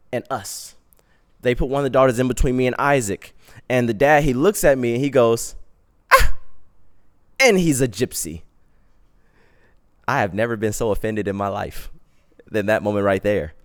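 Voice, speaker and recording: A man with a smooth, clear voice at a middling pitch hosts a podcast, spinning a personal tale in an animated, slang-filled way. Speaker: podcast host. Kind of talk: storytelling podcast.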